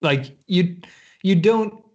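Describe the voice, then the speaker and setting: A man co-hosting a relaxed sports podcast, his voice sitting a little higher than most men's. He rambles, restarts his sentences and laughs often. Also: slow, muffled recording. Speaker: podcast co-host. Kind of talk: casual chat.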